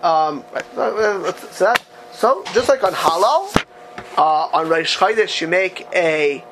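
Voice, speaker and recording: A man with a high voice for his sex leads a text-study class. He reads passages aloud and keeps asking the students rhetorical questions with lively energy. Faint room sound sits under his voice. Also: slow, background noise. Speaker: teacher of a religious text class.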